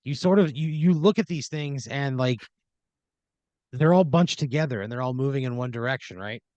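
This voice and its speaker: A man's voice: mid-range voice, normal speed, a little mellow, no room sound, muffled recording. A man improvising a rambling, profane story in the second person, full of fillers, as a comedy podcast co-host.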